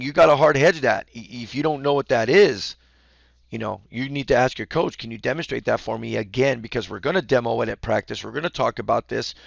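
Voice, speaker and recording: Man, basketball coach, gravelly voice, dry close sound, casual explaining. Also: lowish voice, no room sound, highs cut off. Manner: explains casually, acts out courtside calls. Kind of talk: instructional talk.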